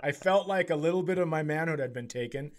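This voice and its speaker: A man co-hosting a comedy podcast, blunt and joking in casual chat. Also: fairly high pitch. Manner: blunt, joking, quick to swear. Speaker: podcast co-host.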